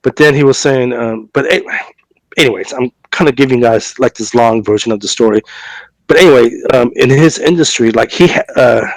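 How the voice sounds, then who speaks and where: A man on a podcast, co-hosting while recovering from a cough and fever, speaks a little fast in a mid-range voice. He spins a long, casual story full of fillers, restarts and repeated words, acting out both parties in a conversation. The recording is dry and rough.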